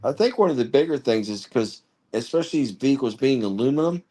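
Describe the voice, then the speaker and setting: A man's voice: mid-range voice, animated, quick pace, dark tone. A man in a casual chat, speaking with indignation.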